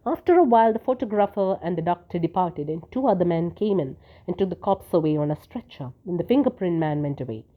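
A woman's voice: fairly low pitch, lively intonation, fast talker, few pauses. Woman reading a story, tinny sound. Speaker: narrator. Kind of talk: reading a short story aloud.

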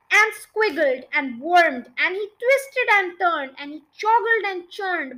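A woman's voice: very high-pitched, pushed and bright, low-quality recording. A woman hosting a podcast, reading a children's book aloud in a chatty way that sometimes stumbles over words. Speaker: podcast storyteller.

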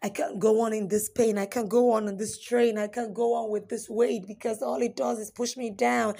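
A young woman performing spoken word poetry, dramatic, swinging between raised pleading lines and hushed whispers. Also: fairly high pitch, level tone, normal speed, vocal fry, few pauses, breathy edge.

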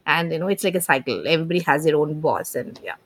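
A woman's voice: sits low, fast, slightly rough. A woman co-hosting a podcast, chatting casually about films and filling her talk with "you know". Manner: relaxed, chatty, many fillers. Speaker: podcast co-host. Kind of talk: casual film chat.

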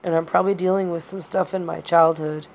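Woman podcast host, slightly low voice, rambling and hesitant delivery full of fillers. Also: steady tone, fairly quick, darkish tone, slight background noise. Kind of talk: personal monologue.

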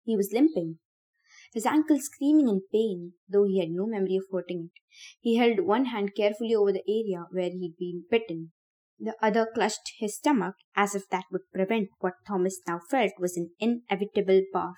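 Woman narrator for a podcast book reading; expressive, warm mellow tone. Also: medium pitch, normal speed. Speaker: audiobook reader.

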